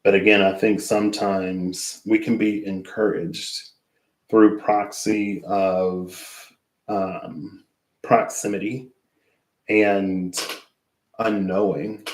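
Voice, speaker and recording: A man's voice: lowish voice, flat delivery, slow pace, reverberant, poor audio. A man closing a casual tarot reading, rambling and reflective, who often trails off into asides. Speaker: tarot reader.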